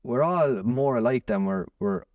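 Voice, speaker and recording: A young Irish musician chatting in an interview, rambling with many restarts. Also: male voice, medium pitch, animated, moderate pace, a little mellow, no echo, far from the mic, dull audio. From Ireland. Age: young adult. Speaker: musician guest. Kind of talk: casual interview chat.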